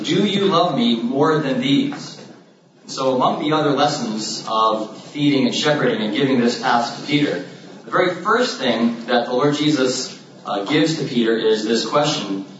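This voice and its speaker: Male Bible teacher, measured delivery, very echoey room, distant dull mic. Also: medium pitch, fairly bright tone, slight background noise. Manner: measured, thoughtful, with hesitations. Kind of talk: informal Bible study teaching.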